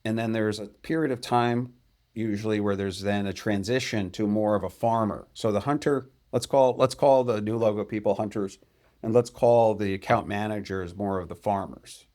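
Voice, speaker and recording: A man's voice: lowish voice, normal speed, darkish tone. A man hosting a podcast, talking casually and working through his ideas step by step. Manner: thoughtful, explains ideas step by step. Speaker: podcast host. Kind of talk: casual conversational interview.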